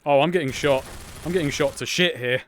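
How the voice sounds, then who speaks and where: A man's voice: a little high, a little fast, slight background noise. A man playing a VR game on stream, laid-back, laughing and narrating what he does as he chats. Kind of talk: casual gaming chat.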